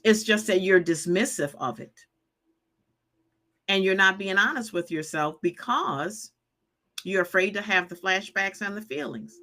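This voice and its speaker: A woman in her fifties hosts a live stream offering healing advice, emphatic and preachy, repeating her points and reading viewer comments aloud. Her mid-range voice is a little slow with a sharp tone.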